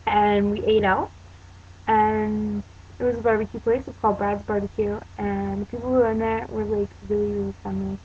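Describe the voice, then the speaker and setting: A teenage girl from Pennsylvania tells a story to her camera in a chatty, rambling vlog full of "um" and "like." Her mid-range voice is dark, slightly rough and fairly flat in pitch, at a moderate pace. The home video sounds dull and lo-fi, with a faint hiss.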